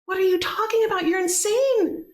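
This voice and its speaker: A woman's voice: steady tone, moderate pace, natural voice. A woman voicing the Earth as an emotional, exasperated female goddess in a spoken myth. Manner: exasperated, rising to shrill outbursts.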